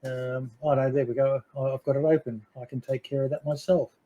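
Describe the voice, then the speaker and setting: A man's voice: medium pitch, flat delivery, fairly quick, mellow, highs cut off. A middle-aged man in casual podcast chat, rambling and swearing freely as he tells fond stories about a friend.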